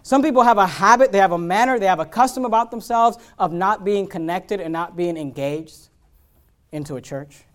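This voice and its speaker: A man preaching a sermon as pastor, swinging from hushed asides to loud, emphatic repeated phrases. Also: high voice, normal speed.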